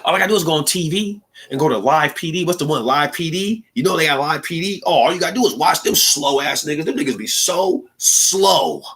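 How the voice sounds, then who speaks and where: His fairly high voice swings widely in pitch and has a fairly bright tone, moving briskly with hardly any pauses. He's a young man from Seattle hosting a livestream podcast, casually rambling and cracking jokes with plenty of slang and laughter.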